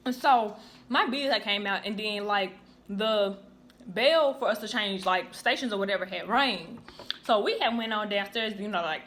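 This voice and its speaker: A young woman telling a childhood story in a casual, chatty way to her channel, acting out the voices of the people in it. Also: on the high side. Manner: chatty, animated, acts out quoted voices. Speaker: YouTuber. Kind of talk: casual storytelling while eating.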